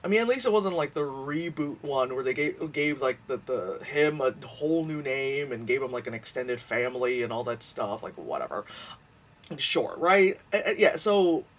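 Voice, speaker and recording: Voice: mid-range voice, sing-song, moderate pace, recorded from a distance, a little hiss or hum. A movie reviewer ranting casually about a film, swearing freely and rambling through fillers and restarts.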